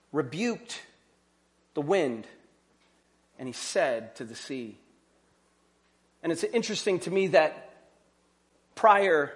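A man with a high-sitting voice preaches as a pastor, keeping his sermon conversational with plenty of rhetorical questions and joking asides.

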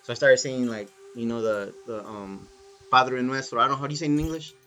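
A man's voice: mid-range voice, fast, faint music behind. A man telling a story in casual chat, swearing freely and saying "dude" all the time. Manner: swears a lot, animated, says "dude" often.

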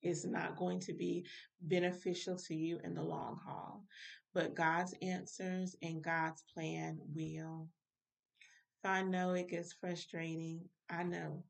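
A woman minister teaches scripture in a relaxed, informal way, talking straight to her listeners. Her voice sits low and keeps to a narrow, even range. She is heard from a little way off the microphone. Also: slow pace, vocal fry, recorded from a distance. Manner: informal, direct address to listeners. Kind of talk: Bible study teaching.

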